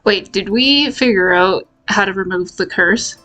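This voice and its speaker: A woman's voice: medium pitch, measured pace, bright, forceful tone, soft background music. A woman playing in a tabletop game, tentative and unsure as she talks. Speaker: tabletop player. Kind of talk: casual game chat.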